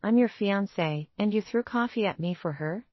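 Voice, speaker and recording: A woman's voice: medium pitch, normal speed, no room sound, dull audio, close to an everyday voice. A woman reading as a taunting rich fiancée. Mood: indignant. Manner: sharp, taunting. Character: scornful young woman, a rich rival fiancée.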